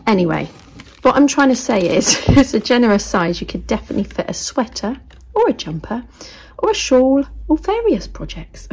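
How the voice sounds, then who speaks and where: A British woman vlogging casually as she shows craft items to the camera. She chats easily and often drops into soft, half-whispered asides. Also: fairly high pitch, very animated, normal speed, few pauses, husky. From United Kingdom.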